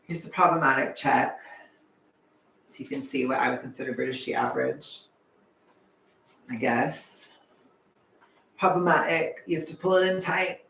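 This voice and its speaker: A young man chatting casually on a livestream, animated and chatty, sometimes swearing, laughing often, heard from a distance. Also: mid-range voice, normal speed, creaky, long pauses, a little hiss or hum. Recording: echoey room, away from the mic.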